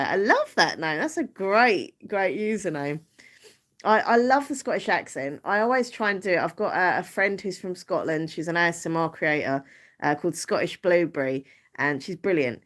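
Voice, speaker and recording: A woman's voice: fairly low pitch, expressive, normal speed, a bit bright. A woman with an Essex accent hosting a casual live stream, chatty, giggly and self-deprecating. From Southend-on-Sea, Essex, England.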